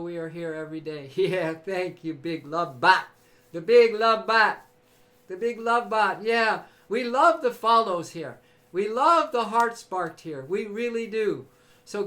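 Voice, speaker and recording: A man's voice: sits high, fairly bright tone. A man hosting a livestream, giving an enthusiastic motivational talk to his chat, preachy and exuberant, breaking into cheers and whoops. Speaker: livestream host.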